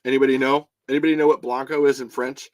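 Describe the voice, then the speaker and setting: A man chatting casually on a livestream, reading viewer comments and bursting into animated movie-line impressions. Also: medium pitch, fast, rough recording. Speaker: show guest and regular.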